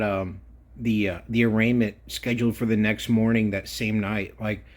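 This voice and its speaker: A man hosting a livestream, agreeing with his guest and rambling with lots of fillers. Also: medium pitch. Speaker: livestream host. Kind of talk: casual livestream chat.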